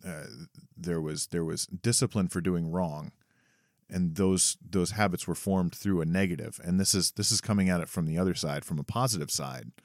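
A man with a very deep, low voice co-hosts a podcast. He thinks aloud and talks at length, often restarting his sentences as he works out a point. The recording is dry and close. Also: normal speed, no echo. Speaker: podcast co-host; parent. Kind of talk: casual chat.

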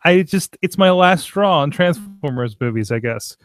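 A man hosting a casual podcast chat, animated, with frequent stammering restarts. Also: on the high side, normal speed, soft background music. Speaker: podcast host.

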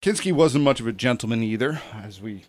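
A man's voice: mid-range voice, expressive, brisk, background noise. A man hosting a casual podcast chat, rambling and hesitant with lots of ums. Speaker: podcast host.

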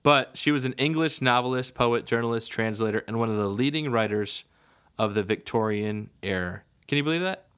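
A man's voice: medium pitch, a little fast, clean tone. Guy hosting a podcast, chatty storyteller, laughs a lot, keeps asking "right?", ordinary middle voice. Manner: animated, laughs often, lots of "right?" and "like". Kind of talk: casual storytelling chat.

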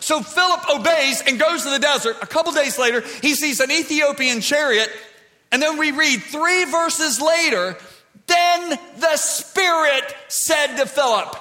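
Bright high-voiced male preacher. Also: normal speed, big-room sound. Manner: animated, rising to shouts. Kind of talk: sermon. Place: church.

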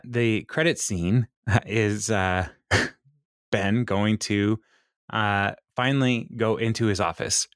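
Male podcast co-host with a fairly low voice; chatty sitcom recaps, frequent laughter, dry booth sound. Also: dry recording. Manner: laughs often, quotes characters in animated voices. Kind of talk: casual chat.

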